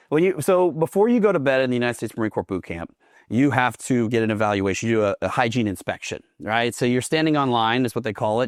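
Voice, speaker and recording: A veteran from Oklahoma tells stories casually as a guest, swearing often and laughing along the way. His voice is on the low side, recorded with clean studio sound and no echo.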